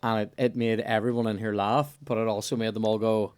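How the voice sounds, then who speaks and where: A man's voice: on the low side, flat delivery, a little fast, darkish tone, clear, resonant tone, no echo. A man hosting a podcast, chatting casually and joking with many restarts. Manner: chatty, jokey, trailing restarts. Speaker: podcast host. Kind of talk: casual chat.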